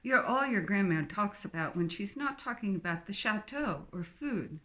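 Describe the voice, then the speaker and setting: A woman's voice: expressive, moderate pace, close to an everyday voice. A woman voicing a friendly, cheeky young English woman with an English accent, chatty and cheerful. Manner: chatty, cheerful, high and bright.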